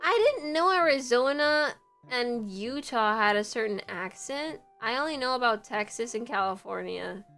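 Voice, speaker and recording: Woman streamer, casual chat, rambling, lots of fillers, slightly high voice. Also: animated, moderate pace, fairly bright tone, faint music behind. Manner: rambling, filler-heavy, reacting to a video.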